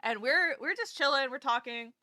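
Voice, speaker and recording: Bright-voiced excitable woman streamer. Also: high voice, moderate pace, no room sound, clean studio sound. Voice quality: animated storyteller, laughs a lot, excitable. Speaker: VTuber streamer. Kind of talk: casual livestream storytelling.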